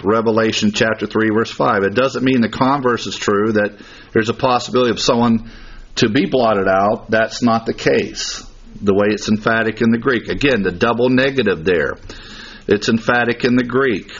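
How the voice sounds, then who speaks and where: A man's voice: on the low side, fairly bright tone. A man preaching an expository sermon, stressing each point and rattling off verse references one after another. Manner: emphatic, citing verse references rapidly. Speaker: pastor. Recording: dull lo-fi sound.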